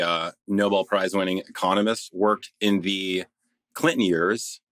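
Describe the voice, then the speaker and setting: A man's voice: deep voice, fairly bright tone, no echo. A man in his forties, a financial planner guest-hosting a podcast, explaining in an easygoing way and laughing often. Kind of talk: casual podcast chat.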